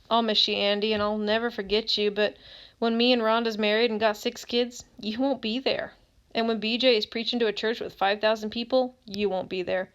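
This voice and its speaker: A woman's voice: medium pitch, clean tone, natural voice. A woman reading as a grieving teenage boy who writes to a dead friend in plainspoken, slangy words, in an audiobook.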